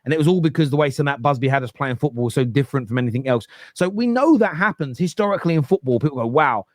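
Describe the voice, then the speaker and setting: A man hosting a football podcast, talking in an animated, emphatic way and often repeating words. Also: mid-range voice, rapid-fire, no room sound, clean studio sound. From England. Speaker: podcast host. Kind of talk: casual football podcast chat.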